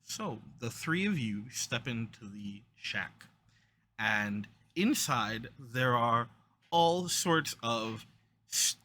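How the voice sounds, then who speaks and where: A game master narrating a tabletop game in a lively, rambling way with fillers. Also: medium pitch.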